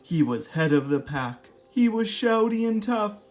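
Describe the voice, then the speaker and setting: A woman reads a children's picture book aloud at a slow, unhurried pace, gentle and expressive as a storytime host. Faint music plays softly behind her. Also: mid-range voice.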